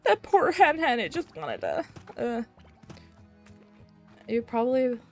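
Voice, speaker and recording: A woman's voice: on the high side, huge pitch swings, takes it slowly, faint music behind. A young woman streaming a video game, chatting casually and rambling, with sudden squeals at the game. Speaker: VTuber streamer. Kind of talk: casual gameplay chat.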